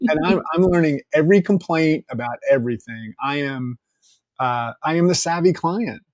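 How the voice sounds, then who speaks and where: A man, a podcast guest, telling a story in casual conversation, candid and joking, quoting people in lively asides and swearing freely. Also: fairly high pitch, normal speed, no room sound, clean studio sound.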